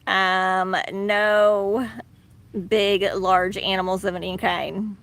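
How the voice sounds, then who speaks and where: A woman's voice: mid-range voice, level tone, extremely slow, creaky, a bit bright. Chatty woman rambling on a live stream. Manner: rambling, chatty, laughs often, many fillers. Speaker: live stream host, tortoise owner. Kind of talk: casual live stream chat. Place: outdoors in a backyard.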